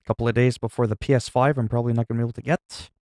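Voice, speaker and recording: Man, gaming livestream, gravelly voice, dry close mic, rambling and joking. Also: mid-range voice, little pitch movement, very fast, darkish tone, no room sound. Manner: rambling, joking, reads chat aloud. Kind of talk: casual stream chat.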